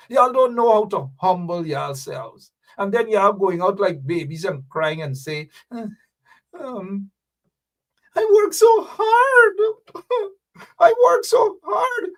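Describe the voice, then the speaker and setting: A man with a Guyanese accent hosts a political commentary show in a fiery, scolding rant. His voice sits high and he fires off rhetorical questions. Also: a bit bright, distant mic. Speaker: host.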